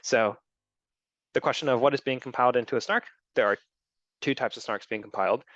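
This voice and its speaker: A man's voice: mid-range voice, a little fast, a bit bright, no room sound, lo-fi sound. A man giving a technical talk, explaining step by step with frequent ums and restarts. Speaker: presenter. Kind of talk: technical talk with audience questions.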